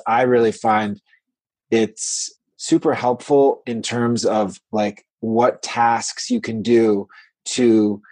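A man's voice: on the low side, darkish tone, no echo. A man in his forties talking as a podcast guest over a remote call, rambling with lots of "like" fillers. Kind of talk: casual conversation. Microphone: remote call recording.

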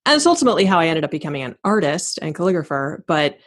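Woman podcast host, lowish voice, animated, laughs often, self-deprecating. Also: very fast. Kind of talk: conversational interview.

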